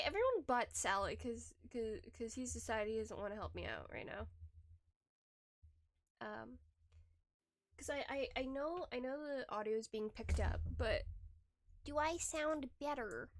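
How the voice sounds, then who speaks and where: A woman's voice: a little high, animated, a little slow, long pauses, no echo. A young adult woman livestreamer chatting casually with her viewers, rambling, laughing often and restarting her sentences, close to a desk microphone. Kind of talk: casual stream chat reading chat.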